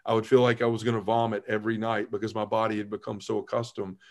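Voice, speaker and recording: Here's a podcast guest, a man in his forties, giving an earnest, lively account of his conversion and impersonating his past self. He has a lowish voice and keeps up a quick pace.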